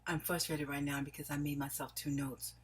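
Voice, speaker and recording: A woman from New York talks straight to her viewers in a loose, rambling monologue. She apologizes often and keeps losing her thread. Her voice sits low and sounds exceptionally smooth and clear. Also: level tone, a little fast. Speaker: vlogger. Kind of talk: personal video monologue. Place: home in Los Angeles.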